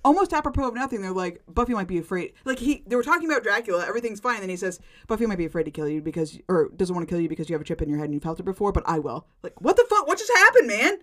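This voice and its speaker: A woman co-hosting a casual podcast, recapping a TV episode in animated talk full of "like". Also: fairly low pitch, racing, few pauses. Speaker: podcast co-host.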